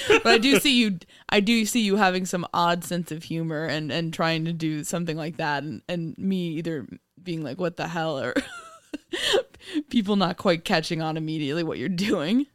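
A woman's voice: lowish voice, very animated, normal speed, dry recording, clean studio sound. Giggly young woman co-hosting a chat. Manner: playful, giggly, jokey. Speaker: podcast co-host. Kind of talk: casual chat.

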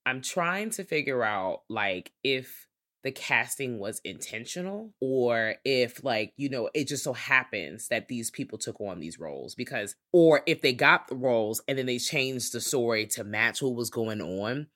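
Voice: mid-range voice, lively intonation, unhurried, a bit bright. A podcast co-host giving a casual movie review, laying out points one by one while thinking aloud, with frequent fillers and swearing.

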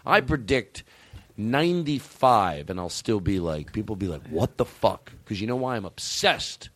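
A man hosting a comedy podcast, ranting in a profane, excitable, rambling way. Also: on the low side, normal speed, no room sound. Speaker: podcast host. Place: podcast studio.

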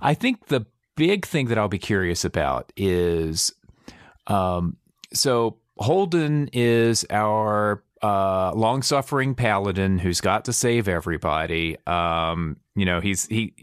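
Man, podcast panelist, low voice, thoughtful and hesitant, dry sound. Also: animated, clear, resonant tone, dry recording. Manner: measured, thoughtful, hesitant with ums. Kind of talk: casual chat.

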